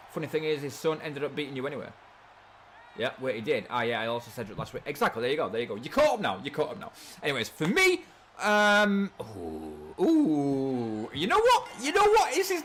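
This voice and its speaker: An English man casually commentating a wrestling game on a live stream, excitable and swearing freely, often repeating his words. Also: on the high side, slight background noise. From England.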